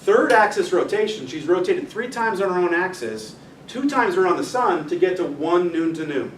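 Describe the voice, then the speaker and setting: A physics teacher gives an informal, chatty astronomy talk to a club in a meeting room with an audience, directing helpers through a demonstration and joking with the crowd. His voice sits high and is expressive, at a moderate pace. The mic is far off in an echoey room, with faint noise.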